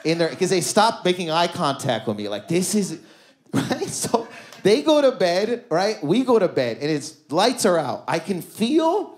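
Canadian guy doing stand-up in a club, bit high-pitched, acts out every voice in his stories. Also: unhurried. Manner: animated storytelling, acting out voices. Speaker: stand-up comedian. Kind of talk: stand-up comedy set. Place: comedy club stage.

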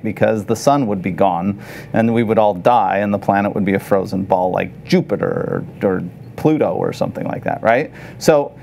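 A man teaching photography to a live audience, conversational and animated, often asking the room questions. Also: mid-range voice, slight background noise. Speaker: photography instructor. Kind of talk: live workshop lecture.

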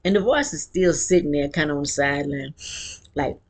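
Gravelly woman in her sixties. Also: sits low, a little fast. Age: 60s. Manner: frank, earthy, conversational. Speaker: vlogger and author. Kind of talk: casual personal storytelling.

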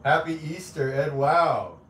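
A young male streamer, crude and playful, reads viewer comments during a casual livestream, teasing with profane jokes and lots of laughter. His voice is on the high side, fairly bright, with lively intonation and a slightly slow pace. He's recorded off-mic from a distance in an echoey room with a faint hum.

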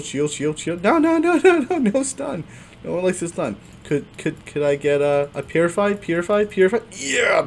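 A man gives casual, excitable commentary over his gameplay, laughing often as he goes. His pitch swings widely from low mutters to high yelps. A faint hiss sits under the recording. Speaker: gaming channel host.

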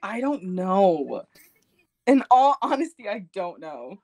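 A woman's voice: medium pitch, big pitch swings, slow pace, dark tone. A woman chatting playfully with a stranger on a video chat, giggly and a little coy.

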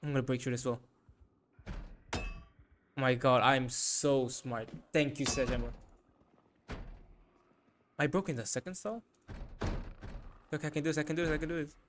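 A man's voice: medium pitch, moderate pace, pauses often, background noise. A young man giving frantic gameplay commentary, panicking and repeating short phrases over and over. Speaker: gaming YouTuber.

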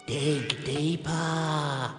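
A man voicing a grumpy talking male bogey creature that hisses slowly and sounds aggrieved. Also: fairly high pitch, fairly even intonation, fairly bright tone. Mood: hissing. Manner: slow, hissing, aggrieved. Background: music.

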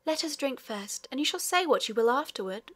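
A woman voicing a gentle, resolute young princess in a sorrowful, measured way. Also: high voice, expressive, pitched above the performer's own voice. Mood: composed.

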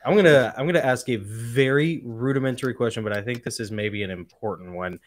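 A man hosting an interview, asking thoughtful questions in a measured way. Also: mid-range voice. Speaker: host.

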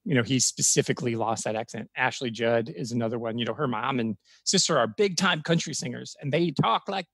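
A man's voice: mid-range voice, fairly quick, hardly any pauses, breathy edge, no room sound. Talkative man from Florida, dry sound. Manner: talkative, animated storytelling. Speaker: podcast guest. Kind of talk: casual chat.

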